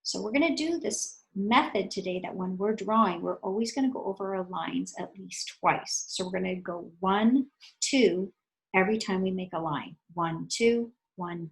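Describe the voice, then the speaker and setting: A woman's voice: medium pitch, normal speed, creaky, rough recording. A woman art teacher giving a patient, step-by-step drawing lesson for children, counting her strokes aloud as she works.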